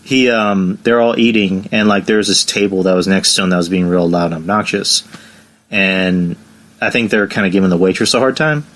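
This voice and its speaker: A man's voice: low-pitched, a little fast, a bit bright. A man hosting a casual podcast, telling stories and acting out the voices of the people in them. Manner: storytelling, acts out quoted lines. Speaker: podcast host.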